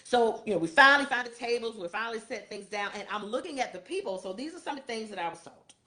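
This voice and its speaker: Lively storytelling woman host. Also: on the high side, fast talker. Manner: animated storytelling, acts out quotes. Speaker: show host. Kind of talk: casual event recap.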